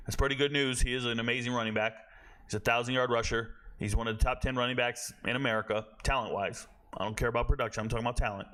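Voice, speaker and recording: A man hosting a college football show, talking casually and bluntly, rambling and correcting himself, with a tired, low-energy delivery. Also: bright, forceful tone. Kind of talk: casual sports commentary.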